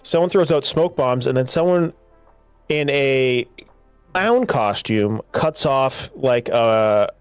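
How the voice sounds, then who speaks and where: A man co-hosting a casual podcast, retelling a movie in an animated, rambling way. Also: medium pitch, slow pace, clean tone, no room sound, soft background music. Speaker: podcast co-host. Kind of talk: casual movie review chat.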